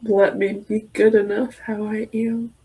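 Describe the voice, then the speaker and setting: A woman client in a coaching session, speaking in a halting, emotional way and slipping into whispers. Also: medium pitch, little pitch movement, dark tone, husky. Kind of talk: therapeutic affirmation exercise.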